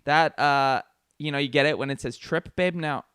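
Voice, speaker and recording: A man's voice: on the high side, normal speed, a bit bright, clear, resonant tone, no echo, clean studio sound. A man co-hosting a casual podcast, joking and swearing as he reads taglines aloud. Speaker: podcast co-host. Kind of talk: casual chat.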